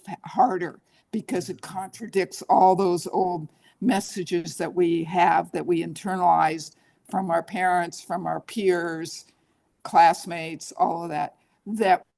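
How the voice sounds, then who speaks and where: A woman's voice: fairly low pitch, creaky, darkish tone. A woman therapist being interviewed, talking earnestly and coaching, often acting out her clients' inner voices. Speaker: guest therapist. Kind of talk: interview conversation.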